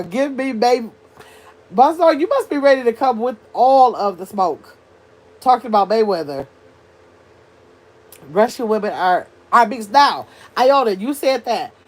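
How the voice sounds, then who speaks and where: Older lady on her livestream, chatty and a bit high-voiced, reading the chat and thinking out loud.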